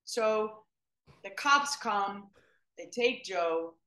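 A woman's voice: mid-range voice, lively intonation, drawn-out words, pushed and bright, echoey room. A woman telling a story in casual conversation, expressively quoting herself.

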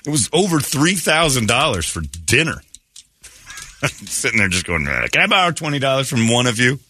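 A man hosting a morning radio show, telling self-mocking stories in casual chat and acting out quotes loudly. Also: medium pitch, big pitch swings, normal speed, crowd noise, noisy background. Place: radio studio. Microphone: studio microphone.

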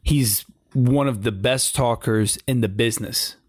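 Man, wrestling show co-host, casual and rambling, average pitch, dry recording. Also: unhurried, husky, no echo. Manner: animated, repeats himself while thinking.

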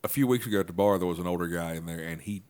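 A man co-hosting a podcast, telling stories in a profane, animated way in casual chat. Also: deep voice, very fast. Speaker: podcast co-host.

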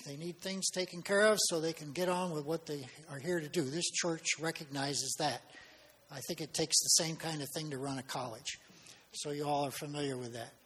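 Older husky-voiced man in a church. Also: fairly high pitch, fairly bright tone. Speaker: retired missionary. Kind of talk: brief thank-you remarks. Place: church sanctuary. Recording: long reverb of a church hall.

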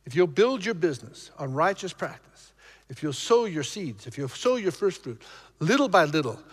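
A male pastor preaching emphatically to his congregation, shifting between loud exhortation and low, intense passages. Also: sing-song, normal speed, big-room sound. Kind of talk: preaching a sermon.

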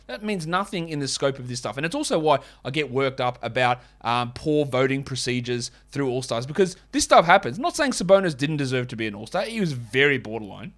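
A man's voice: medium pitch, very animated, fairly quick, few pauses, fairly bright tone. Fired-up ranting sports podcast man. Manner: ranting, sarcastic, mocks others in put-on voices. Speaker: fantasy basketball podcast host.

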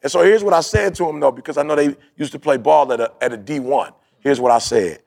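A man with a raised, gravelly voice talks on a podcast in casual slang. He tells stories animatedly and slips into the voices of the people he quotes. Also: a little high, quick pace. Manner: animated storyteller, acts out quoted dialogue; uses street slang, "yo, bro". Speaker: podcast co-host. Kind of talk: casual chat.

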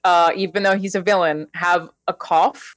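A woman's voice: lowish voice, fairly even intonation, normal speed, no echo. A woman host in casual, enthusiastic chat, swearing freely. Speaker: podcast host.

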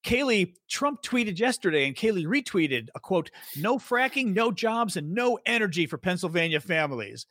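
A man co-hosting a podcast, talking in a sarcastic, animated way and mocking the voices of the people he quotes. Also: high-pitched, moderate pace, few pauses, no echo, studio quality. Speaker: podcast co-host. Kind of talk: casual political chat.

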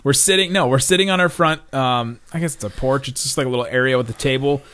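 A man's voice: medium pitch, fast talker, fairly bright tone, clear, resonant tone. A man from Florida co-hosting a podcast, telling stories in a casual chat and laughing often. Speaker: podcast co-host.

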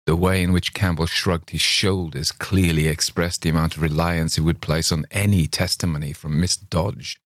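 A man narrating a classic short story in a measured, steady reading voice. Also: sits low, dry recording, studio quality. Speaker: reader. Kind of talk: audiobook narration.

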